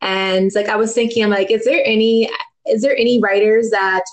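A woman's voice: medium pitch, steady tone, moderate pace. A woman hosting a casual conversation, curious and asking her guest questions.

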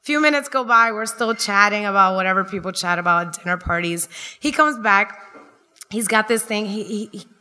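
Bright-voiced woman telling a comic story. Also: mid-range voice, normal speed, clear, resonant tone. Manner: lively, acts out the people she quotes. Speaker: stand-up comedian telling a story. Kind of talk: live comedic storytelling. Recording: long hall reverb.

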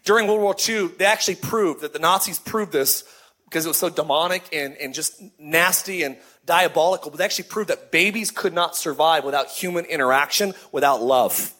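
A middle-aged man, a lead pastor, preaching a sermon in a lively, conversational way with repeated phrases. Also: on the high side, brisk.

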